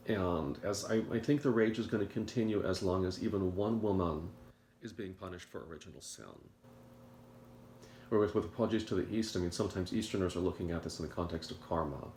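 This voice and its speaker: A man giving a rambling morning monologue to a video audience, halting and repeating words as he goes. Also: low voice, a little mellow, reverberant, a little hiss or hum. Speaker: video commentator.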